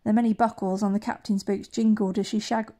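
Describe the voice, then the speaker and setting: A woman reads a novel aloud in a mellow, darkish voice. She tells it plainly and now and then trips over a word and restarts it. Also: mid-range voice, level tone, fairly quick. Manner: reads with small slips and self-corrections. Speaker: audiobook reader. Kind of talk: amateur audiobook narration.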